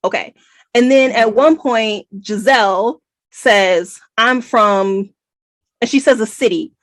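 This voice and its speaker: An American woman co-hosting a book podcast, talking in a chatty, animated, digressive way. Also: fairly high pitch, a little slow, dry recording. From United States. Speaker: podcast co-host. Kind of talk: casual book review chat.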